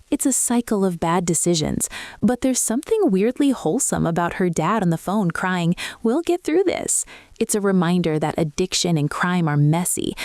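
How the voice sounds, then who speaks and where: Woman host, wry commentary, lively pitch, dry close sound. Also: dry recording.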